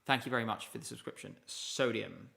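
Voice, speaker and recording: A man's voice: lowish voice, a little fast, creaky, pushed and bright. A man hosting a casual live stream, chatty and rambling, chatting with viewers from his desk. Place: home room at a desk with laptops.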